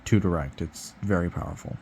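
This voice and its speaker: A man's voice: low voice, a little fast, darkish tone, a little hiss or hum, lightly acted. A man voicing a bossy, stressed big sister. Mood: eager. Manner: bossy, then anxious and pleading. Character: stressed older sister, young woman.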